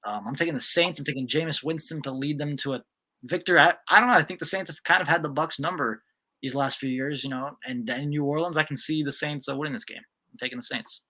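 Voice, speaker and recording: Bright-voiced man calling football picks. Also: a little high. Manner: brisk, decisive, runs the game list. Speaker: co-host. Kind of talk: casual sports picks chat.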